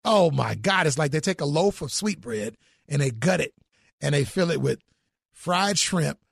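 Gravelly, animated man. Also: on the high side, normal speed, no echo, clean studio sound. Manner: animated, exclaiming about food. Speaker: guest. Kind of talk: enthusiastic interview chat.

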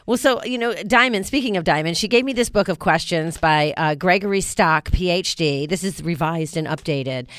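A talkative woman hosts a casual chat, laughing easily and stumbling over repeated words. Her voice sits a little low, recorded close and dry with no room sound. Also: moderate pace, few pauses, fairly bright tone, no echo. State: recovering from weeks of illness. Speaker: host.

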